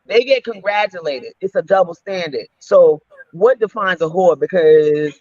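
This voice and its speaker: A woman's voice: fairly low pitch, lively intonation, moderate pace, a little mellow, no room sound. Blunt woman arguing on a dull mic. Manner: blunt, profane, argumentative. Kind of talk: heated casual debate.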